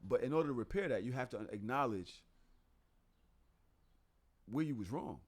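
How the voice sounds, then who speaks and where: A man's voice: mid-range voice, lively intonation, moderate pace. A man co-hosting a podcast, speaking in emphatic, slangy casual chat. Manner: emphatic, repeats points, talks in slang. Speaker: podcast co-host.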